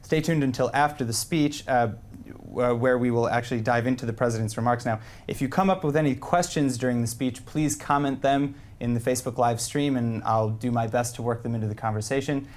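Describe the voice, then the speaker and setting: Guy hosting a live news panel, kinda halting, lots of restarts. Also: mid-range voice. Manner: hesitant, with frequent restarts. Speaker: news host.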